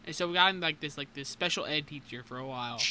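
Bright, animated young chatterer. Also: medium pitch, fast. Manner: animated, profane storytelling. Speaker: podcast co-host. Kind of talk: casual chat.

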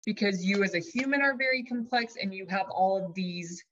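A woman life coach explaining ideas to her audience, lively and chatty, sometimes putting on her own dramatic inner voice as an example. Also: medium pitch, brisk, muffled recording. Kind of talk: teaching talk to an audience.

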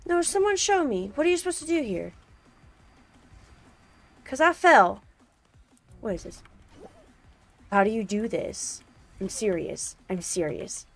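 A young woman streaming a game, reacting loudly, complaining about the levels and thanking viewers in chat. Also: high voice, very animated, a little slow, pauses often. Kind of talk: casual live-stream gameplay chat. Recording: faint game music behind.

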